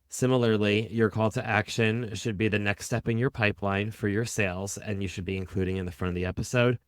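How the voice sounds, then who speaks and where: A man with a fairly low, smooth, clear voice gives a solo podcast talk as a coach. He sounds upbeat and encouraging, with a salesy pitch. The sound is dry and close. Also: no echo. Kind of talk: solo podcast tips monologue.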